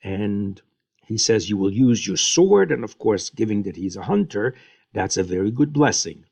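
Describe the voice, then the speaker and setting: A man's voice: on the low side, animated, moderate pace, gravelly, a little mellow. A man teaching a Bible lesson, retelling the story and briefly acting out the quotes, with frequent fillers.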